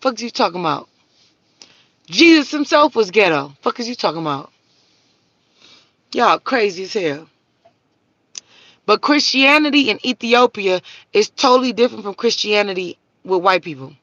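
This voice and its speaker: A woman holds forth on her livestream, blunt and profane, lecturing the viewers who comment. Her voice is bright and forceful, close and dry, with dull lo-fi stream audio. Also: medium pitch, lively intonation, normal speed, long pauses, dry recording. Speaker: livestream host. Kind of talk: casual livestream rant.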